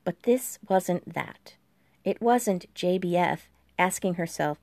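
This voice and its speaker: A woman's voice: fairly low pitch, measured pace, gravelly, no room sound. Dry, close woman narrating. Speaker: audiobook narrator. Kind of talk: scripted narration.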